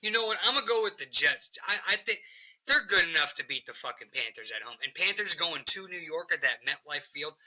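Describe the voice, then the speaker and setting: Male podcast host, very bright voice, loose and profane sports banter. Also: fairly high pitch, a little fast, rough recording. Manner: profane, animated football picks.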